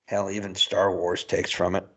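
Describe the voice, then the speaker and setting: A man's voice: low-pitched, completely flat delivery, moderate pace. A man co-hosting a podcast, chatting casually and rambling with chuckles. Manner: rambling, chuckles through points. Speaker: podcast co-host. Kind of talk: casual chat.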